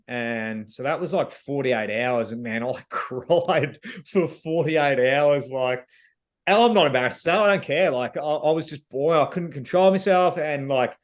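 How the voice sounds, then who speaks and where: An Australian man, a reality show contestant, openly retelling an emotional experience in a casual interview and acting out what people said to him. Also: medium pitch. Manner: candid, emotional retelling that acts out quoted dialogue.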